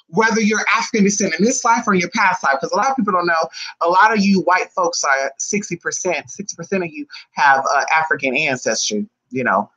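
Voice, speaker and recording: A spiritual reader chatting live with viewers in a sassy, fast way, calling them honey, with big swings in pitch. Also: bright, forceful tone, muffled recording. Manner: talks fast. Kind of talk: live-stream chat with viewers.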